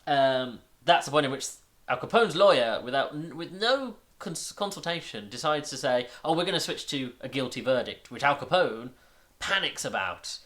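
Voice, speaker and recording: A man talks through a film he has just watched, meandering from point to point with plenty of halting restarts and filler words. He sounds amused and openly incredulous at what he describes, in an easygoing video-review manner. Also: mid-range voice, fairly bright tone. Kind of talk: casual film recap and review.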